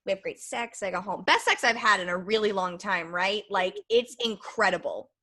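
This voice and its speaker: Bright-voiced young woman telling a rambling story. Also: medium pitch, normal speed. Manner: candid, rambling storytelling with lots of fillers. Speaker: podcast host. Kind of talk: casual chat.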